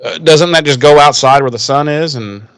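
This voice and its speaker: A man co-hosting a podcast, recapping a TV episode in casual chat, animated and profane. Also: fairly high pitch, normal speed, clear, resonant tone, no echo. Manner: profane, animated retelling with acted quotes. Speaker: podcast co-host.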